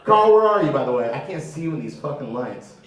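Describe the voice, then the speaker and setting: A man in his thirties, originally from Florida, doing a crude stand-up set with crowd work, swinging from mutters to loud shouts. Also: mid-range voice, sing-song, fast talker. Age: 30s. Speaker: stand-up comedian. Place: comedy theater stage before a live audience. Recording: roomy, far-off mic, crowd noise.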